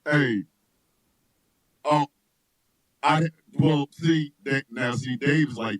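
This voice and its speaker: A man hosting a radio show, chatting loosely and telling comic stories, laughing often and shouting his punchlines. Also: medium pitch, drawn-out words, long pauses, dry recording, rough recording. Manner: loud, laughing, animated storyteller who shouts punchlines. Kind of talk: loose comedic chat with storytelling.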